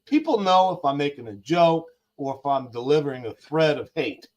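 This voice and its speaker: Male guest, slightly high voice, lively pitch swings, blunt and emphatic. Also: normal speed. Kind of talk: casual talk show banter.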